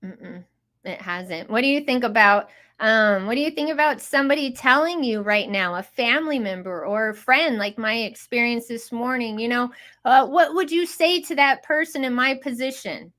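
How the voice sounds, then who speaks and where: Hyped high-voiced woman hosting. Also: moderate pace, pushed and bright. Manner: hyped, exclamatory, chatty. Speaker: host. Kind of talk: casual live audio room hosting.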